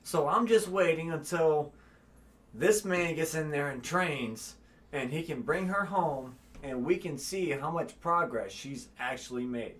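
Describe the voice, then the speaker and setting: A man co-hosts a casual livestream, reading out donations and telling stories with animated feeling. His voice sits high for a man and sounds bright and forward. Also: unhurried. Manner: animated, heartfelt storytelling.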